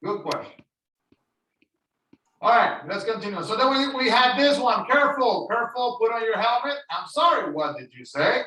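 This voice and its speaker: In an online English lesson, an ESL teacher, a man with a high, bright, sing-song voice, explains things slowly and repeats phrases. His voice comes from a distance in a room with a roomy echo, and there's slight background noise.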